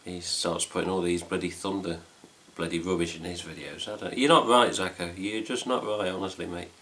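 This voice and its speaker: Deep-voiced, chatty middle-aged Englishman. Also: fairly even intonation, a little fast, fairly bright tone. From England. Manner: rambling, chatty, swears casually. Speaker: fan site host. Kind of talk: casual chat to camera. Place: home room with cats.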